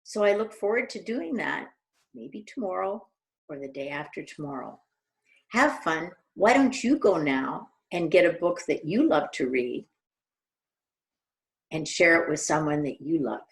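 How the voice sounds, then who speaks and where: A middle-aged woman reading a picture book aloud to young children, animated and asking them questions. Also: low voice, unhurried, gravelly. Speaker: children's storyteller.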